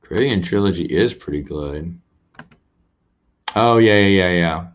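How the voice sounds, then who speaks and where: A fairly low-voiced man chats casually on a late-night stream, rambling and poking fun at himself. His voice comes through a dull, lo-fi recording. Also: unhurried. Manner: rambling, self-deprecating, laughs often. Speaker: host answering viewers' questions.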